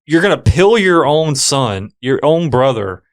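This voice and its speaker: A man's voice: a little high, sing-song, unhurried. A man co-hosting a podcast, retelling a film's plot in a laid-back casual way, leaning on "like" and "literally". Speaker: podcast co-host. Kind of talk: casual film recap chat.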